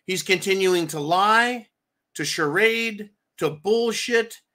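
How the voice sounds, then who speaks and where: Male political rant host, bright and forceful tone, sarcastic, swears freely, talks straight to his folks. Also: sits high, slow pace. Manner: profane, sarcastic, keeps addressing listeners as folks; repeats himself for emphasis.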